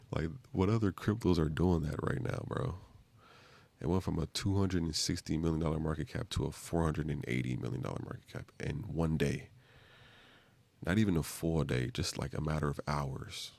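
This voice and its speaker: A man with an extremely low, gravelly voice talks loosely on a live stream. He rambles in casual slang and leans on fillers as he goes. The gravel in his voice is strong throughout. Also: a little mellow, no echo.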